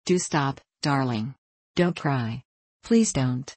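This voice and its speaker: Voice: medium pitch, animated, slow, a little mellow, dry recording. A reader voicing a plump, flustered schoolmistress in a storybook reading, pleading and helpless.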